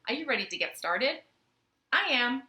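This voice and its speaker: A woman's voice: high-pitched, big pitch swings, normal speed, sharp tone, roomy sound. A young woman leading a children's storytime from her living room, playful and sing-song as she talks to the kids.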